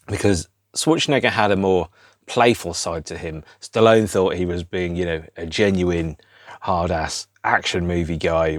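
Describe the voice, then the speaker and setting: A man's voice: deep voice, no room sound, clean studio sound. A middle-aged man, rambling through an unscripted solo podcast in a wry, self-deprecating way. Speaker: podcast host.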